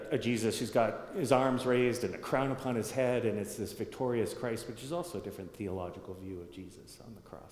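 A man's voice: fairly low pitch, darkish tone. Man preaching in an echoey church. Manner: conversational, thinking aloud with restarts and asides to the congregation. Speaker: pastor. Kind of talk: sermon teaching. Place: church sanctuary. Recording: echoey hall with long reverb.

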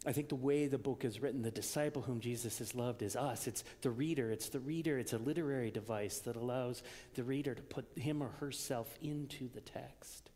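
A man's voice: medium pitch, brisk, hardly any pauses. Conversational male preacher in a reverberant hall. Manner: conversational, swings from loud emphasis to hushed whispers. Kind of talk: sermon. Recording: long reverb of a church hall.

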